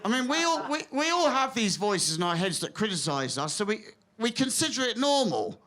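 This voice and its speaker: A man doing stand-up comedy on a theatre stage, excitable, with stammering restarts that drop into hushed asides. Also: high voice, normal speed.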